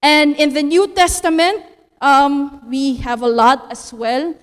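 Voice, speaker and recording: A woman's voice: high-pitched, steady tone, takes it slowly, in a large hall. A woman with a Filipino accent, lecturing as a theology teacher, often ending phrases with a questioning "no?" and slipping in Tagalog words. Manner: tag "no?" after phrases, mixes in Tagalog.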